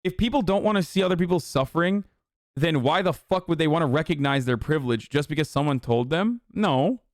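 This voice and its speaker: A man's voice: a little high, expressive, a little fast, no echo, clean studio sound. A man streaming live, reading text aloud and reacting with blunt, profane, exasperated rants.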